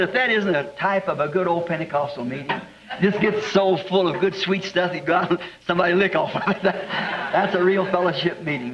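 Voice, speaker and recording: A man with a Southern accent preaching, telling homespun stories in a chuckling, drawn-out way to a congregation. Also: fairly high pitch. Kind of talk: folksy storytelling sermon. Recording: dull lo-fi archival sermon tape, long hall reverb, faint hiss.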